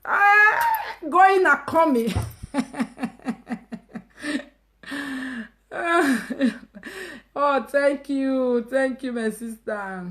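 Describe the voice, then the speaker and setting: A woman speaking Nigerian Pidgin English, hosting a casual live stream and ranting emphatically and mockingly, with loud outbursts and low asides. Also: very slow, long pauses. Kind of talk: animated casual rant.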